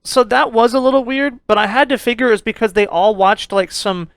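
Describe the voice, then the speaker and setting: A man's voice: very high voice, a little fast, a bit bright, clear, resonant tone, dry recording. A man co-hosting a casual movie review podcast, swearing freely and laughing often. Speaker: podcast co-host.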